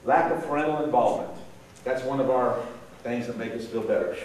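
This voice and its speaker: A man's voice: medium pitch, fairly quick. Man telling stories in an echoey hall. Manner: animated, acts out voices in his stories. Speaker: speaker at a gang awareness session. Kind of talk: storytelling talk to an audience. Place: large echoey room with an audience. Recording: very echoey room, voice from far off, faint hiss.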